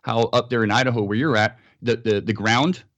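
A man's voice: mid-range voice, fairly quick, fairly bright tone, no echo. An American man, a podcast guest, telling a story in a casual interview and acting out sounds and quotes.

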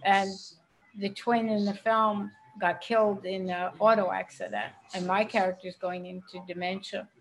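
An older actress in a casual interview, a chatty storyteller who laughs often. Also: female voice, medium pitch, little pitch movement, normal speed, slight background noise, low-quality recording. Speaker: actress guest.

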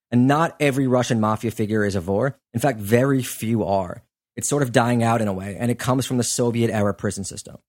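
A man in the middle of his usual pitch tells a true-crime story to a co-host. His talk is easy and conversational, with many fillers. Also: darkish tone. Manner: conversational, loose, lots of fillers. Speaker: podcast host; sports journalist. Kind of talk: casual storytelling chat.

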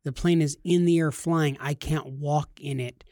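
A man's voice: a little high, steady tone, normal speed, warm tone, no echo, studio quality. A man in his thirties telling a funny personal story in a rambling, self-deprecating way, with a lot of "like". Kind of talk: casual comedic storytelling.

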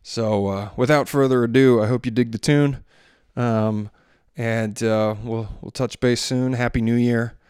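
A man in his thirties or forties, a podcast host and father, tells a story loosely and ramblingly, full of fillers and restarts, recorded in a bedroom at home on a handheld microphone. His mid-range voice has fairly even intonation, a measured pace, and a darkish, clean tone, with no room sound and studio-quality audio.

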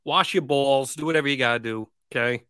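A man's voice: mid-range voice, brisk, bright, forceful tone, clear, resonant tone, no room sound, studio quality. A man co-hosting a podcast, chatting casually and playfully with his co-hosts. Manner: playful, affectionate, joking. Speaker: podcast co-host.

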